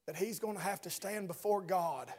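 A man's voice: sits high, moderate pace, darkish tone. A man preaching a sermon in church, building with repeated phrases and asides to the congregation.

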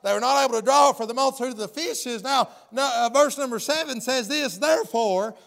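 A man's voice: very high-pitched, fairly quick, vocal fry, fairly bright tone. A man preaching a folksy sermon, often hollering and acting out the story's characters.

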